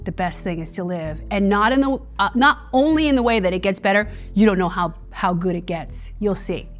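A woman's voice: medium pitch, a little fast, faint music behind. A woman in her fifties, a comedian guest in a casual interview, talking in a reflective way. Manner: reflective, drops to a breathy whisper for emphasis.

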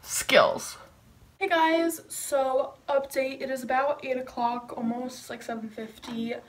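A woman's voice: high voice, fairly even intonation, measured pace. A young woman chatting to camera in a casual vlog, bubbly and gushing, giggling often. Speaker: vlogger.

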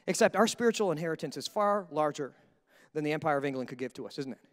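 A male pastor preaching a sermon in a lively, conversational way, often checking in with "right?". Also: on the high side, fast. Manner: energetic, conversational preaching with frequent "right?" asides. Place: church. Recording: echoey church hall.

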